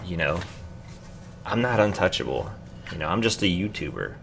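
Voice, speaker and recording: A man's voice: deep voice, big pitch swings, moderate pace, vocal fry, background noise. A man with a Midwestern American accent, chatting casually as a YouTuber in an easygoing, rambling way with many fillers. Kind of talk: casual vlog chat.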